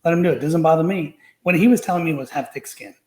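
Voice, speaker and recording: A man's voice: on the high side, rapid-fire, a little mellow. Rambling man in an echoey room. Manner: rambling, many fillers and restarts. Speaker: podcast guest. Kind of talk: casual storytelling.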